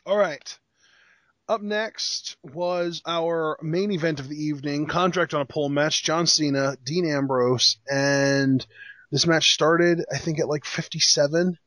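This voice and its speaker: A man's voice: a little high, fairly even intonation, a little slow, fairly bright tone, no room sound. A man co-hosting a casual wrestling podcast, recapping with exasperated rhetorical questions. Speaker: podcast co-host.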